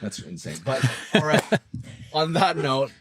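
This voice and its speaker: A man's voice: a little high, big pitch swings, a little slow, fairly bright tone, breathy edge. A man co-hosting a podcast in casual chat, rambling and joking with a lot of fillers. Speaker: podcast co-host. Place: room with the other hosts and guest.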